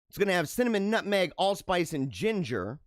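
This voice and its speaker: Animated high-voiced man riffing on news. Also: no echo. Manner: animated, laughs and riffs between read-aloud headlines. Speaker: show host reading news stories. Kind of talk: casual commentary on news items.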